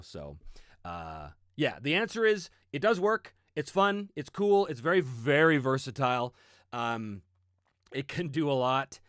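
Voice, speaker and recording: A middle-aged man hosting a casual livestream Q&A, chatty and animated, with frequent fillers. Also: mid-range voice, normal speed, no echo, studio quality. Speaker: host.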